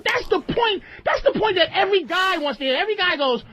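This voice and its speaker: A man hosting a radio talk show, ranting loudly and profanely at a co-host. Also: extremely high pitch, quick pace, heavy background noise. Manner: loud, profane, animated ranting. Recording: dull lo-fi archive audio.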